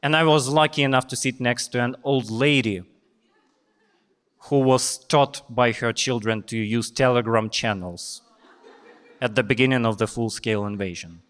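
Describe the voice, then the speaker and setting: A young man with a Ukrainian accent doing deadpan stand-up comedy on a stage. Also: mid-range voice, moderate pace. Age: young adult.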